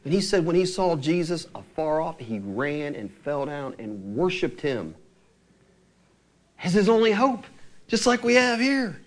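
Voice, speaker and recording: Animated preacher man with lively pitch. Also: a little slow. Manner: animated storytelling preaching, acting out scripture quotes. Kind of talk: sermon.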